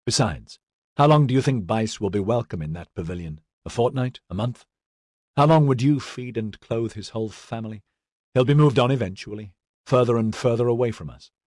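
A man voicing a calm, composed male constable who reasons things through. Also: medium pitch, brisk, no room sound, studio quality, natural voice. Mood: measured.

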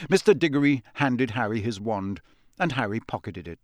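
Expressive male audiobook narrator. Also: medium pitch, no room sound, clean studio sound. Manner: measured, expressive storytelling. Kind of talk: scripted narration.

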